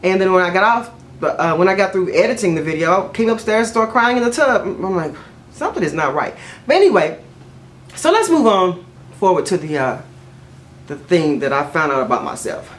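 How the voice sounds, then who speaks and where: A woman's voice: big pitch swings, fairly quick. Chatty woman vlogger telling a story. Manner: chatty, rambling, with fillers and self-corrections; jumps high in pitch when quoting herself. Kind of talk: casual storytelling to camera.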